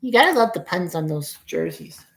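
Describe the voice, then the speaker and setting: Woman in her forties, low gravelly voice, chatty fan play-by-play, roomy echo. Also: big pitch swings, normal speed. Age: 40s. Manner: rambling, chatty, swears at bad plays. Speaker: fan streamer calling a baseball game. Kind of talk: casual play-by-play commentary.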